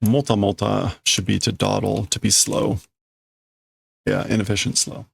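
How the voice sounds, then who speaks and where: Brief: unhurried male streamer, gravelly fry, dry close sound, mulls over words. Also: fairly low pitch, little pitch movement, no room sound. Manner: thinks aloud, deliberating over word meanings. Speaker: streamer reading manga aloud. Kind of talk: casual reading and translating aloud.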